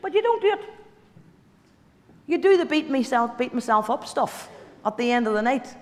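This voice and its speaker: A woman's voice: sits high, big pitch swings, moderate pace. Woman speaking in a reverberant hall. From Ireland. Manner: chatty, direct, repeats key lines for emphasis. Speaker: motivational guest speaker. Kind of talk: motivational speech to an audience. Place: large hall. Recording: hall reverb, stage speech.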